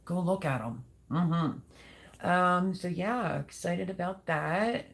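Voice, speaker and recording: A woman's voice: fairly low pitch, slow pace, gravelly. A middle-aged woman hosting a casual livestream, chatting and reading out viewer comments in a rambling, talkative way. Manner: chatty, rambling, thinks aloud.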